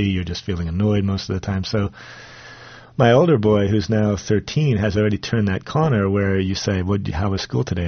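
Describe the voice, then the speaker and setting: Low husky-voiced male author reading. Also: dry recording. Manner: wry, self-deprecating, thoughtful. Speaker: author guest. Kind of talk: reading his fiction aloud and discussing it. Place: radio studio. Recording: dull, dry radio studio sound.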